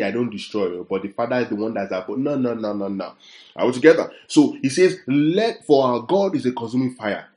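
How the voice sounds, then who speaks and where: A man's voice: mid-range voice, warm tone. Man preaching a sermon in an echoey room. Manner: rhetorical questions to the congregation; reads scripture aloud slowly.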